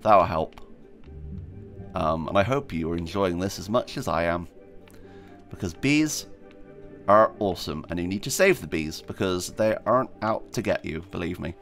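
Excitable man playing a game. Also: low-pitched, moderate pace, pauses often, soft background music. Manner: excitable, squeals with delight, chatty. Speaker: gaming video host. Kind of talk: let's play commentary.

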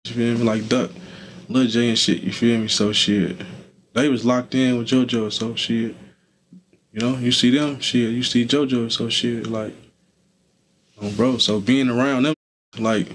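A man's voice: medium pitch, fairly even intonation, measured pace, pauses often, slight background noise. A young adult man, a guest in an interview, talking loosely with lots of fillers. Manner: laid-back, loose, with many fillers like "you feel me". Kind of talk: casual street interview talk.

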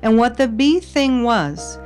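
Woman vlogger, casual insistent monologue with a conspiratorial edge, soft music bed behind. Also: on the high side, animated, slow pace. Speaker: video blogger.

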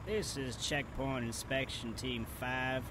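A man playing a gruff checkpoint guard. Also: mid-range voice, steady tone, slow, very noisy, close to an everyday voice.

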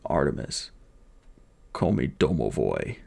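A man's voice: a bass voice, sing-song, vocal fry, a little mellow, slight background noise, pitched below the performer's own voice, full character voice. A man voicing a dying giant bodyguard who speaks weakly in short gasps. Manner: slow, weak, short gasps.

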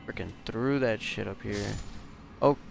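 A man giving casual, excitable let's-play commentary, swearing and exclaiming often. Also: lowish voice, unhurried, gravelly, over music. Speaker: gamer.

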